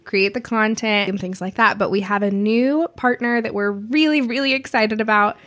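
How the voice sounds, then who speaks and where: A woman's voice: mid-range voice, moderate pace, a bit bright. A woman in her twenties co-hosting a podcast, teasing her friend playfully and laughing as she chats. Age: 20s. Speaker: podcast co-host. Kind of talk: casual chat.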